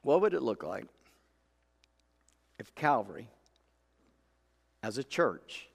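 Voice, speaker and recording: A man's voice: mid-range voice, big pitch swings, slow, vocal fry, breathy edge. A man preaching a sermon in a church, telling stories in a folksy way and acting out the voices in his quotes. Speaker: pastor. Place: church sanctuary. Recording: long hall reverb.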